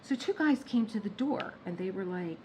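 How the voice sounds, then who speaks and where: A woman vlogging from her home workspace, telling stories in a chatty, animated way and laughing at her own jokes. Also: mid-range voice, moderate pace, slight background noise, low-quality recording. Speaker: diamond painting vlogger. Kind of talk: casual storytelling chat.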